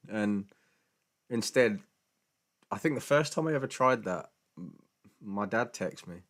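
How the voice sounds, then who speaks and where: A man's voice: fairly low pitch, animated, a little slow, pauses often, fairly bright tone. A British man hosting a casual live stream Q&A, chatty and laughing often, with stammering restarts and jokey mock voices when quoting people. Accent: British English. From Britain.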